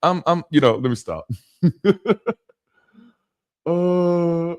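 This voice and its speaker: A man's voice: medium pitch, a little slow. Brief: Southern man in his thirties, host, jokey storyteller with a mid-range voice. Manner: animated storyteller, jokey, laughs often. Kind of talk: casual live chat reading comments.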